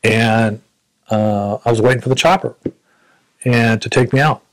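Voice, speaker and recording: An older man in his seventies with a gravelly, creaky voice tells stories of his service. He speaks reflectively, often stopping and restarting his sentences. His pitch sits at an ordinary middle height. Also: fairly even intonation, rough recording. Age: 70s. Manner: reflective, halting storytelling with frequent restarts. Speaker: Vietnam War veteran interviewee. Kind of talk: recounting personal memories.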